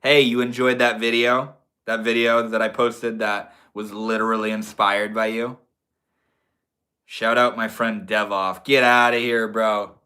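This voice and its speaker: A man's voice: lowish voice, little pitch movement, measured pace, pushed and bright. A young man hosting a livestream, chatting casually with viewers in a laid-back, slangy way. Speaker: livestream host.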